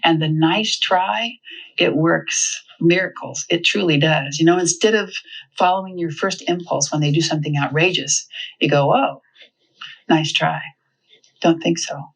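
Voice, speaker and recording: A woman speaking to parents about raising children, lively and humorous, acting out little quoted exchanges. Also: deep voice, moderate pace, creaky, low-quality recording. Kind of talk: talk to parents.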